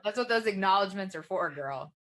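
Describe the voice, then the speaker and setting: A woman's voice: mid-range voice, expressive, fairly quick. A woman hosting a podcast, chatting casually and affirming her guest often. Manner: effusive, affirming. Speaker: podcast host. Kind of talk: casual interview chat.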